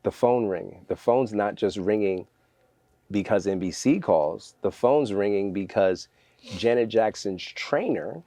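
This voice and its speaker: Brief: low-pitched male guest, energetic storyteller, dry studio sound. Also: measured pace, creaky, dry recording. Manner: energetic, animated storyteller acting out quotes. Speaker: guest, fitness trainer. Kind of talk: storytelling in a podcast interview.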